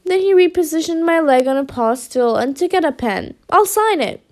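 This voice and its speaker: A woman reading a children's storybook aloud with lively expression. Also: high voice, fairly quick.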